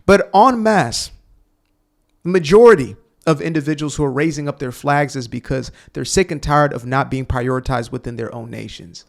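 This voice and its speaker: Creaky-voiced sarcastic male commentator. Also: mid-range voice, brisk, few pauses. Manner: sarcastic, mocking. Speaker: commentary channel host. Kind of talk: opinionated commentary reacting to clips.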